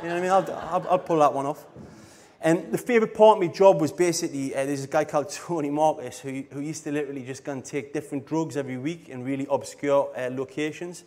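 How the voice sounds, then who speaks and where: A man's voice: a little high, a little mellow. A middle-aged man, telling rambling anecdotes in a casual conference talk and often laughing. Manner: rambling, laughs often, fillers like "you know what I mean". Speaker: speaker at a design conference. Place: live talk on a stage.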